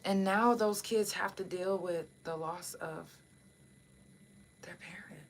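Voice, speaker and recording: A woman's voice: lowish voice, steady tone, takes it slowly, slight background noise. A woman hosting a casual livestream podcast who speaks straight to her listeners in an impassioned, blunt and profane way. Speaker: podcast host.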